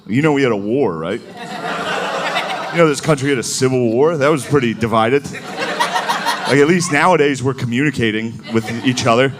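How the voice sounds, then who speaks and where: On a comedy club stage before a laughing crowd, a man works through a loose, profane stand-up set, slipping into mocking voices. His medium-pitched voice moves at normal speed with frequent pauses, and the live recording carries crowd noise.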